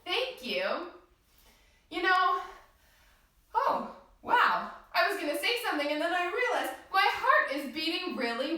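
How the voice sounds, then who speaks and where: A woman's voice: very high-pitched, very animated, a little slow, long pauses, bright, forceful tone, very echoey, recorded from a distance. A woman leading a yoga class for small children in a cheerful, sing-song way, talking straight to the kids. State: out of breath after dancing.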